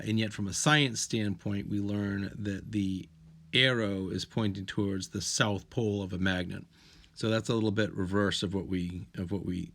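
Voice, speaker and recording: A man's voice: lowish voice, creaky, fairly bright tone. A man teaching a recorded online science lesson, walking students through slides in an explanatory way, often restarting phrases. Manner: explanatory, with frequent restarts and "if you will".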